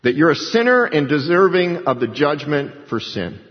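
A man preaching a sermon in a big echoing church, his voice carrying a long hall reverb. The sound is a bit dull and muffled. He swings between raised, emphatic lines and hushed asides. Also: fairly high pitch, sing-song, normal speed. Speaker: pastor.

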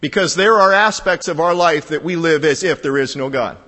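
A man preaching a sermon in a conversational style, building to emphatic, higher-pitched peaks. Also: moderate pace, sharp tone, in a large hall. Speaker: pastor.

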